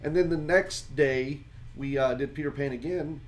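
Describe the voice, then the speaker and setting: A man hosting a podcast in casual chat, rambling and halting with many fillers. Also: a little high. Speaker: podcast host.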